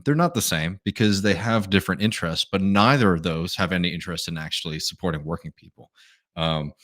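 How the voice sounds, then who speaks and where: A man hosting a live stream, reading out viewer messages and answering them in a relaxed, thinking-aloud way with many fillers. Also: low-pitched. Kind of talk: casual live Q&A commentary.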